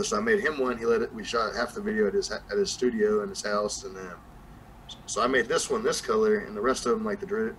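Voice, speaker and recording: A man's voice: fairly low pitch, fairly bright tone, a little hiss or hum, low-quality recording. A young man with a Southern accent, chatting casually as a podcast guest and rambling with lots of fillers and restarts. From New Mexico. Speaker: guest rapper.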